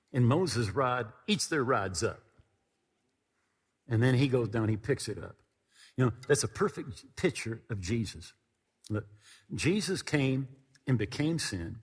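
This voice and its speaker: A man preaching a sermon, retelling a story with lively quoted dialogue. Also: medium pitch, breathy edge. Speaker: pastor. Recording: long hall reverb.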